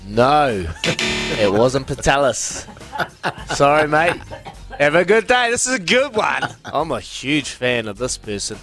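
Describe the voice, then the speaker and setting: Lively New Zealand radio quiz host. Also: male voice, on the high side, takes it slowly, soft background music. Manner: joking, laughs often, calls callers mate and brother. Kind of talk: casual radio banter.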